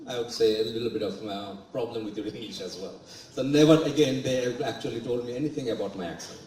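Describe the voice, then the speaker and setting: A man's voice: medium pitch, fast talker, hardly any pauses, darkish tone, slight background noise. A man in his forties with a Bangladeshi accent giving a motivational speech, telling stories and acting out what others said to him. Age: 40s. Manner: storytelling, acting out quoted remarks. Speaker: guest speaker. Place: large event hall. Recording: echoey hall, mic at a distance.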